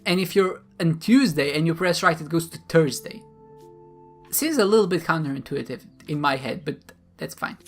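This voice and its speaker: A streamer giving snarky, jokey commentary on a story game and reading its text messages aloud in a flat, robotic way. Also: mid-range voice, moderate pace, faint music behind. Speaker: gaming streamer. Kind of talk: casual let's-play commentary reading game texts aloud.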